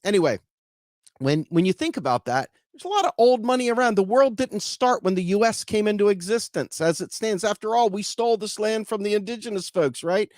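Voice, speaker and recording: A man hosting a casual explainer show, talking straight to his audience in a lively, up-and-down voice. He spins stories and analogies, checks in often with his listeners, and sits in a fairly high register. The recording is close and dry. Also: a little fast, no room sound. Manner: animated, storytelling, conversational. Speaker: host.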